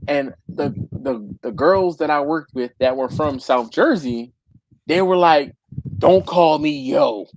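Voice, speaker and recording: A man's voice: fairly high pitch, measured pace, a little hiss or hum, poor audio. A man from Philadelphia with a Philadelphia accent, telling stories in a casual chat on a live barbecue stream, laughing often and repeating himself.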